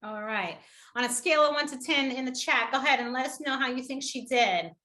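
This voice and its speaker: A woman runs an online workshop on public speaking in a high, bright voice. She is energetic and encouraging and laughs often as she coaches the participants. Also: a little fast.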